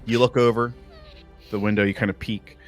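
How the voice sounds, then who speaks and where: A man's voice: fairly low pitch, level tone, a little fast, faint music behind. A man narrating a tabletop game as game master, describing scenes in a casual, rambling way full of likes and uhs.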